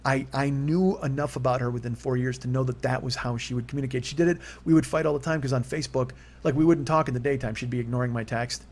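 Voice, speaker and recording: A man's voice: medium pitch, fairly even intonation, quick pace, hardly any pauses, darkish tone. A man in his forties telling a personal story on his own, rambling and candid, his voice jumping up when he gets worked up. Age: 40s. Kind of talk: confessional solo monologue.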